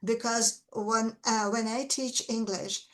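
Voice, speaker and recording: Slow-spoken woman with a Russian accent. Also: a little high, steady tone, a bit bright, low-quality recording. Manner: earnest, emphatic, repeats key words. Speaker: English teacher. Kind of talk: conversational explanation.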